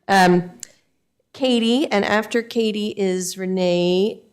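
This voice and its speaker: A woman's voice: on the low side, measured pace, a little mellow. A woman speaking at a city council meeting, briefly recalling her history and reading out the next speaker's name. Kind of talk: public comment at a council meeting. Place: council chamber.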